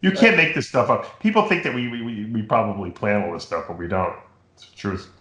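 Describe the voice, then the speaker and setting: Chatty low-voiced man in an echoey room. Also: brisk. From New York. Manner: rambling, animated storytelling with impressions. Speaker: podcast host. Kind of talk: casual chat.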